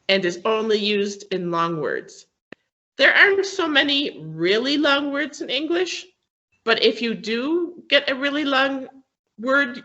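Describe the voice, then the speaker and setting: A woman teaching English who explains patiently, often stopping to check that her students follow. She talks slowly and her pitch rises and falls a lot. Her voice is bright and comes through dull, lo-fi online class audio. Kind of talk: classroom lesson on word stress.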